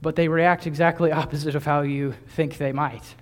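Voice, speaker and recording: A man's voice: fairly high pitch, flat delivery, moderate pace. A young man in his twenties preaching a sermon in a conversational way, with small laughs and restarts. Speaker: pastor.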